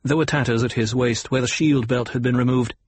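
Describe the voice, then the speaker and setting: A man narrating an audiobook in an unhurried, even storytelling manner. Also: medium pitch, a little hiss or hum. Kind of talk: scripted narration.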